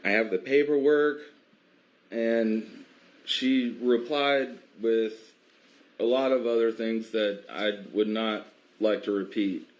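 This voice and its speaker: A man from a biker advocacy group recounting an incident in a measured way, with many pauses and fillers. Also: lowish voice, fairly even intonation. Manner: measured, filler-heavy, stops to restart. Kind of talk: recounting an incident, casual monologue.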